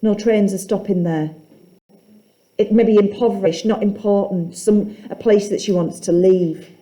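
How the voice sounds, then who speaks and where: A woman teaching a poetry class, asking students questions and reading lines aloud slowly. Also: medium pitch, mellow.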